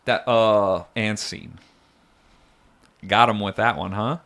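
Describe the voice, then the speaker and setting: Man, podcast co-host, somewhat low voice, casual chat, rambling, self-mocking jokes. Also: takes it slowly, gravelly, a bit bright.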